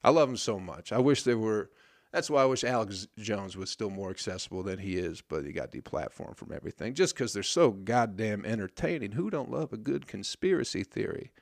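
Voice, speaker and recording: This is a man in his thirties with a lowish voice, holding forth in a loose, rambling solo rant. He swears freely and keeps a sarcastic tone. The sound is dry, with no room around it. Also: expressive, fairly quick, vocal fry, no echo. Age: 30s.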